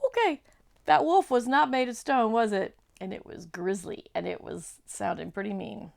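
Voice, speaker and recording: A woman from a church children's ministry reading a chapter book aloud to children, pausing for chatty questions and asides. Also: mid-range voice, steady tone, creaky.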